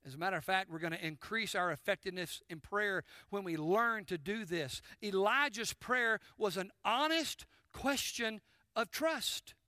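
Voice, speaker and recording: A man preaching a sermon as pastor, his voice pitched very high with a bright, forceful edge. He keeps putting questions to the congregation and speaking to them directly. The sound is dry and close. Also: lively intonation, normal speed, dry recording.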